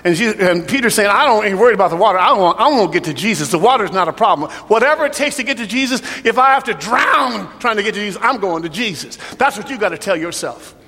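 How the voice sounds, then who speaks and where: A man preaching as a pastor, rising to shouts and dropping to a hushed prayer over an altar call. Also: high voice, expressive, fast talker, hardly any pauses. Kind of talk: sermon. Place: church hall. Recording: long hall reverb, soft music behind.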